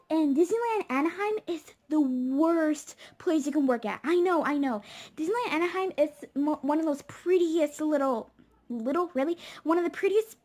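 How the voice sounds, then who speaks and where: A woman's voice: high voice, a little mellow. A young woman vlogging casually, rambling and indignant, often stopping to correct herself. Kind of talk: casual opinion vlog.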